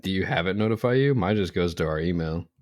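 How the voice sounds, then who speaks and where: Deep-voiced man with dry teasing humor. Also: expressive, fast talker, a little mellow, no echo. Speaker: podcast co-host. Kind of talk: casual chat.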